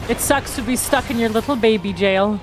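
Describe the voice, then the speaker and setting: A woman streaming a game, excitable and playful with casual swearing. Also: a little high, brisk, music in the background, rough recording.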